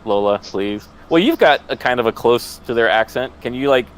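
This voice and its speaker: A man's voice: medium pitch, animated, normal speed, smooth. A man telling stories in a rambling, self-mocking way in casual podcast chat, often laughing.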